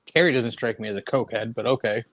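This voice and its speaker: A man's voice: mid-range voice, fast. An American man chatting as a guest on a casual livestream, laughing easily.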